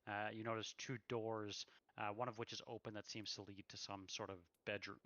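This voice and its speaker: A man's voice: on the low side, little pitch movement, a little fast, fairly bright tone, no room sound, lo-fi sound. A man running a tabletop game as game master, describing scenes with many fillers.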